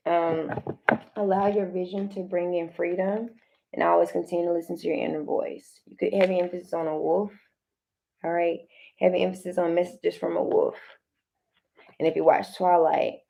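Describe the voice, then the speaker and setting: A woman's voice: lowish voice, creaky, mellow. A young woman giving a casual tarot reading straight to her viewers, loose and slangy, repeating phrases and restarting often. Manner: loose, slangy and direct, talks straight to the listener. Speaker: tarot card reader.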